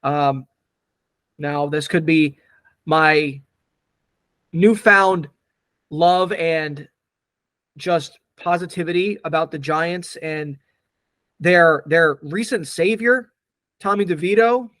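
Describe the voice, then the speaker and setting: A man with a notably high voice co-hosts a laid-back podcast chat. He hams it up in a put-on Italian-American New York accent, playing a jokey wise-guy bit. The sound is dry and close. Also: takes it slowly, pauses often, a bit bright, no room sound. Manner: jokey, hamming up a mobster-agent bit. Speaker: podcast co-host.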